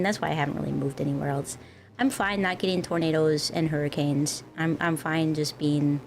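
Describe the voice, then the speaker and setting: A woman's voice: low-pitched, a little mellow. A young woman from the northern United States, chatting casually with her stream viewers in a rambling, giggly way. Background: faint music.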